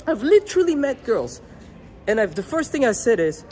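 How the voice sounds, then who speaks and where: Speaking at normal speed in a very high, very animated, somewhat mellow voice, a young dating coach addresses the camera outdoors with slight background noise. His casual advice is crude, blunt, and unfiltered.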